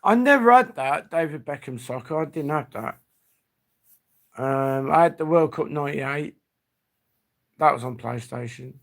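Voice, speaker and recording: Man, gravelly, stream host, rambling nostalgic chat. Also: fairly high pitch, animated, a little slow, pauses often, a bit bright. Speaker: livestream host. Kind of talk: casual reminiscing chat.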